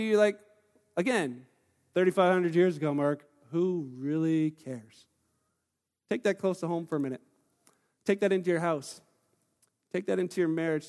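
Male pastor, high-pitched and lively, casual restarts, preaching in a reverberant church hall. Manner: animated, acts out quoted voices; conversational with frequent restarts. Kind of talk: sermon.

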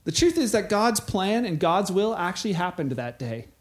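High-voiced pastor, lively storyteller. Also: male voice, moderate pace. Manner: animated storytelling, acting out quoted voices. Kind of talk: sermon.

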